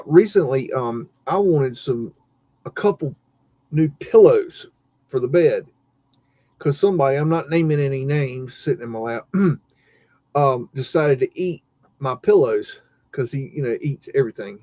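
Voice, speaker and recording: A man's voice: medium pitch, expressive, moderate pace, dark tone, no echo. A man hosting a live stream, telling a rambling story full of cursing and restarts, sounding exasperated. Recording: dull lo-fi dry sound.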